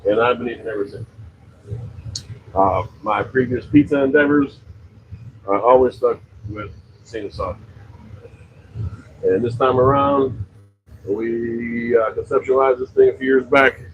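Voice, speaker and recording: A man's voice: medium pitch, unhurried, pauses often, narrow, tinny audio, background noise. A middle-aged man from western Pennsylvania telling a long, rambling story about his pizza shop, with many fillers and self-corrections. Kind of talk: casual storytelling on a livestream.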